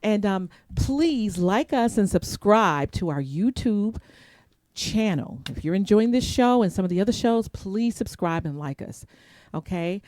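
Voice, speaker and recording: A woman's voice: mid-range voice, animated, unhurried, a little mellow, no room sound. A woman hosting a live show, chatty and rambling, laughing often and losing her place in her notes. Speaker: host.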